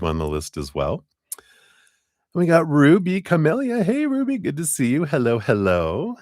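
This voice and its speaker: Deep-voiced giggly tarot streamer man. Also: no room sound, clean studio sound. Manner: chatty, laughs often, giddy. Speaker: tarot reader hosting a live stream. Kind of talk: casual live-stream chat.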